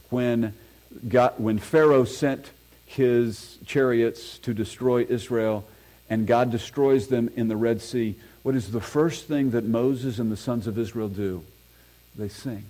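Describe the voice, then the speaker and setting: A pastor with a medium-pitched, dark-toned voice preaches a sermon in a church, reading scripture aloud with earnest emphasis and throwing in self-deprecating asides. He's recorded on a microphone, and the audio is poor.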